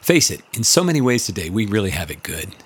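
A man's voice: on the low side, very animated, fast talker, husky. An older man narrating in a reflective, scripted way, earnest and building rhetorical lists.

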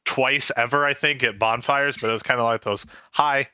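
A man's voice: medium pitch, fairly even intonation, fairly quick, pushed and bright, clear, resonant tone, no echo. A man co-hosting a casual podcast, blunt and sarcastic, teasing his friends. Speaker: podcast co-host. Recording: slightly muffled podcast audio.

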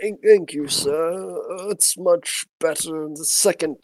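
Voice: mid-range voice, slow pace, a loud crowd, lightly acted. A game master voicing Milhouse, an aging, polite and tough male enforcer in a tabletop game, who calls everyone "sir". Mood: grateful. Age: older. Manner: deferential, says "sir" often.

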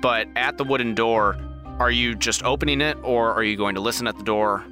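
A man runs a tabletop game, laying out each scene in loose, descriptive narration. His voice is bright and forward, and faint music plays behind him. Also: medium pitch, fairly quick. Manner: descriptive, relaxed, with restarts. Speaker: game master.

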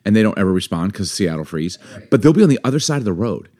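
A man co-hosting a casual podcast chat, telling animated stories and acting out the people he quotes. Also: on the low side, fast talker. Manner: animated storytelling, acts out quoted voices. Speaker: podcast co-host.

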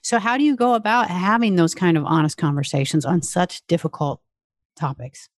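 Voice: mid-range voice, moderate pace, no echo, studio quality. An interviewer asking thoughtful questions and encouraging the guest with frequent affirmations. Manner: attentive, encouraging, frequent "mm-hmm".

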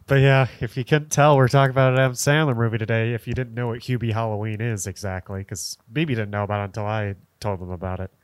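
A man's voice: lowish voice, steady tone, fast, few pauses, clean tone, no echo. Easygoing young man co-host. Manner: laughs often, easygoing. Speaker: podcast co-host. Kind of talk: casual chat.

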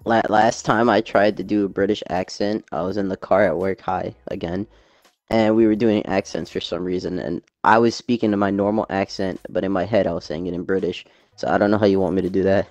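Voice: low voice, fairly even intonation, brisk, darkish tone, no echo, muffled recording, faint music behind. A young podcast co-host telling loose stories in a casual chat, laughing often.

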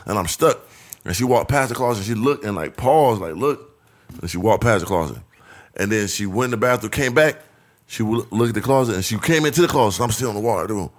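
A man's voice: lowish voice, expressive, fast. A young man telling a story in casual, profane chat, acting out other people's voices and laughing often.

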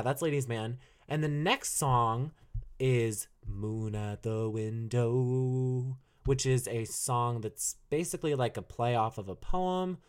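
Chatty, enthusiastic young man podcasting. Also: medium pitch. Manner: chatty and enthusiastic, with frequent fillers and laughs. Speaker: podcast host reviewing an album. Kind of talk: casual solo podcast talk.

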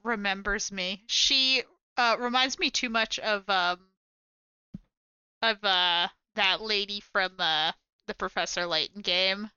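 A young woman with a bright, crisp voice makes dry, wry remarks in casual podcast chat and stumbles over her restarts. The recording is close and slightly dull. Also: mid-range voice, takes it slowly, no echo. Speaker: podcast co-host. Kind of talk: casual game recap chat.

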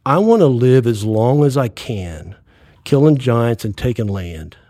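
A man's voice: medium pitch, lively intonation, a little slow, warm tone, no room sound, clean studio sound. A man in his sixties giving an earnest faith testimony as a podcast guest, acting out the dialogue he quotes.

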